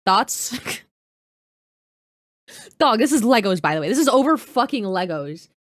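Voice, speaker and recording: A young woman streams a reaction video, talking heatedly, swearing, and greeting her chat by name in a casual live-stream style. Her voice is fairly high and very animated, though a little slow, with no echo.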